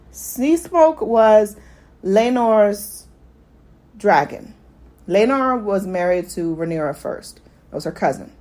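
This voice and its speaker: A woman hosting a podcast, recapping a TV episode in loose, chatty talk and now and then playing out quick quoted lines. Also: medium pitch. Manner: chatty and animated, jumps into quick acted quotes of characters. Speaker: podcast host. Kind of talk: casual TV recap chat.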